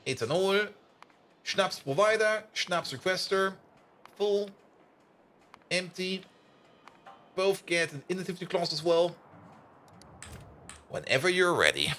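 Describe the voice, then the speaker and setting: Lively German-accented streamer, bright voice. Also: male voice, high voice, moderate pace, long pauses, a little hiss or hum. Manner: chatty, answers chat, hums and laughs while playing. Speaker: game streamer. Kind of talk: casual live-stream commentary.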